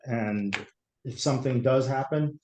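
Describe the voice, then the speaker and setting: A man from the fire department speaking at a town meeting, serious and halting as he stresses safety. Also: mid-range voice, darkish tone, a little hiss or hum. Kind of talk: public meeting testimony. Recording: echoey meeting room.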